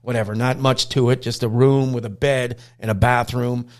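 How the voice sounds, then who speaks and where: A middle-aged man, hosting a podcast and telling a story in a casual, animated way, acting out quotes and swearing now and then. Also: medium pitch, normal speed. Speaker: podcast host, dog trainer.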